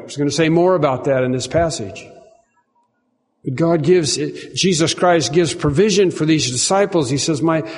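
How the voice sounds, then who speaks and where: Man, pastor preaching, earnest, repeats phrases, slightly high voice, long hall reverb. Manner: earnest, repeats phrases, rises in pitch and volume for emphasis. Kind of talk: sermon.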